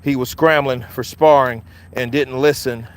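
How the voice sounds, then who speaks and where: Unhurried and fairly even in intonation, this mid-range male voice belongs to a Philadelphia-accented host of laid-back boxing commentary on a live stream. He jokes around and whips up excitement with chants he repeats.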